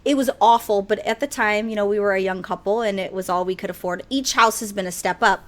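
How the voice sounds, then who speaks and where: A woman in her thirties co-hosting a casual chat podcast, telling stories in an animated way with swearing and sudden loud outbursts. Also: medium pitch, fast. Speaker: podcast co-host.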